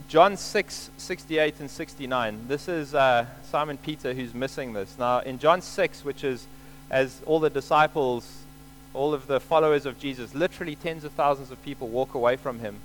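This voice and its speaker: Earnest male preacher, slightly high voice. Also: slight background noise, poor audio. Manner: earnest, explains scripture with repeated emphasis. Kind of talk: sermon.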